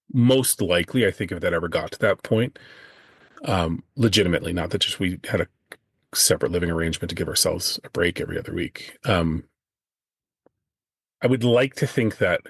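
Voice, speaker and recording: A man's voice: sits low, husky, dry recording, studio quality. A man co-hosting a podcast, chatting casually and joking. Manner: joking, teasing. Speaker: podcast co-host. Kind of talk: casual chat.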